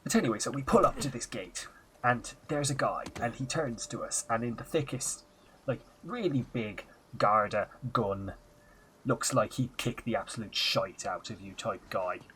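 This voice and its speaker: A man's voice: medium pitch, expressive, normal speed, fairly bright tone, a little hiss or hum. A man streaming a game, telling a rambling story in a put-on Irish accent and swearing freely. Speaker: livestreamer playing a game. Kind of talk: casual gaming stream chat.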